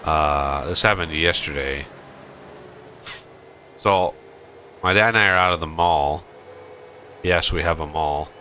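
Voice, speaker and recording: A man's voice: rumbling low, slow pace, pauses often, pushed and bright, slight background noise. A man hosting a gaming channel, chatting casually while he plays and telling a rambling story full of restarts. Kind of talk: casual chat while playing a game.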